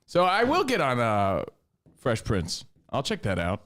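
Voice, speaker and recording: A man co-hosting a podcast, chatting casually and telling animated stories with acted quotes. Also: mid-range voice, measured pace. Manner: animated storytelling, mimics people with shouted quotes. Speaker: podcast co-host. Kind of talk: casual chat.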